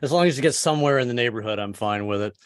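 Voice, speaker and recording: A man of seventy performing a stand-up comedy set over a video call, self-deprecating and halting, with many restarts. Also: mid-range voice, smooth, dry recording, clean studio sound. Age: 70s. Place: home setup on a video call. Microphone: computer mic on a video call.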